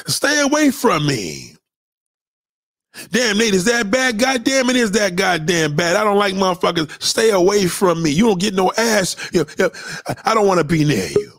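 A man hosting a livestream, ranting loudly and profanely and mocking people with quoted voices. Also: high voice, big pitch swings, normal speed, no room sound, studio quality. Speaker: livestream host.

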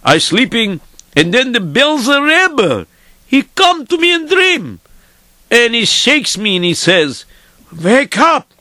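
A man's voice: very high-pitched, big pitch swings, takes it slowly, bright, forceful tone, no echo, studio quality, heavily acted. A man playing Peter, a weary, good-hearted peasant horseman, telling his story dramatically in broken English. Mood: lively. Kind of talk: theatrical storytelling.

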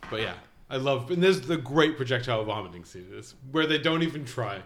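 A man's voice: mid-range voice, expressive, a little fast, fairly bright tone. A man co-hosting a casual film review podcast, talking enthusiastically and swearing casually. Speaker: podcast co-host.

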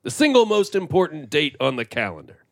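Earnest buddy guy a man playing him, lively bouncy delivery, dead dry mic. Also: fairly high pitch, fairly quick, no echo, heavily acted. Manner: earnest, eager straight man. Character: Big Al, upbeat straight-man buddy. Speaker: comedy podcast co-host. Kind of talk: scripted comedy sketch.

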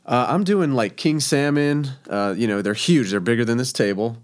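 A man casually telling a story about working as a cook, animated and laughing often. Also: mid-range voice, moderate pace. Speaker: guest telling a kitchen story.

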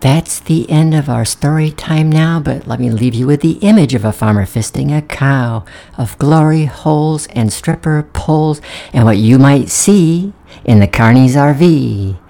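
A man's voice: mid-range voice, measured pace, vocal fry, warm tone. A man giving a mock-soothing comic sign-off as the show's announcer. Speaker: show announcer.

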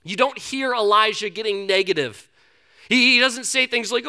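A man's voice: high voice, moderate pace, bright, forceful tone, smooth. A man preaching a sermon in a conversational, storytelling way. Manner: conversational storytelling, acts out characters.

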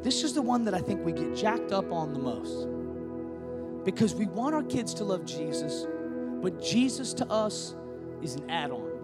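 High, animated preaching man, hall reverb. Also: moderate pace. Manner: impassioned preaching, rising to shouts and dropping low. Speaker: pastor. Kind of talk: sermon. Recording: long reverb, faint music behind.

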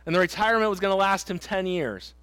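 High-voiced man preaching earnestly. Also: quick pace, fairly bright tone, clean tone, dry recording. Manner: earnest, emphatic preaching with stories and repeated refrains. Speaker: pastor. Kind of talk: sermon. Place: church sanctuary.

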